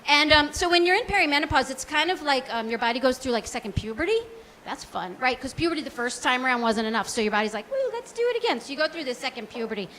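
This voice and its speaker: Chatty high-voiced woman doing stand-up. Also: fast talker, pushed and bright, slight background noise. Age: 40s. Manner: chatty and self-deprecating, many likes and ums. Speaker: stand-up comedian. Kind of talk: stand-up comedy set. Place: small comedy club stage.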